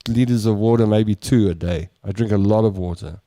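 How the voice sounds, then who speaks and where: A man's voice: on the low side, brisk, warm tone, no room sound. A man hosting a talk show, reading out listener messages and telling stories with frequent laughs. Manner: chatty storyteller, reads out listener messages, laughs often. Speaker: radio show host. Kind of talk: casual talk-show chat.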